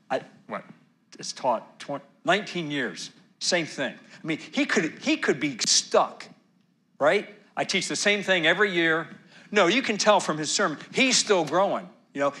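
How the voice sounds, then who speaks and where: Middle-aged man, pastor, bright tone, sermon delivery rising to loud emphasis then dropping to a hush. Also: medium pitch. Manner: animated preaching, swings from loud emphasis to near-whisper.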